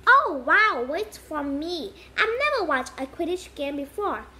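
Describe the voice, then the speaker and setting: A woman's voice: high-pitched, exaggerated voice. A woman reading as an eager chatty young boy. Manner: excited rapid questions.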